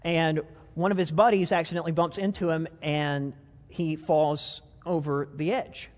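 High-voiced male preacher in a hall. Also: fairly even intonation, unhurried. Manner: conversational, self-deprecating, many restarts. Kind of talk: sermon. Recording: long reverb of a hall.

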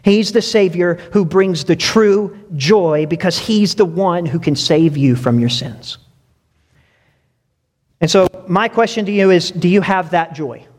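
A young male preacher with a lilt and a noticeably high voice. He talks to the congregation in a conversational way and keeps asking them questions. His words echo with a long tail through a church hall. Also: unhurried, darkish tone. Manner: conversational, addresses listeners directly with questions. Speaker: pastor. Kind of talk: sermon with personal stories.

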